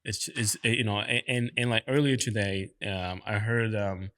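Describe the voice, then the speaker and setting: A man hosts a podcast in easy, casual talk. He speaks haltingly, circling back and restarting, in a fairly low voice. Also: fairly bright tone. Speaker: podcast host.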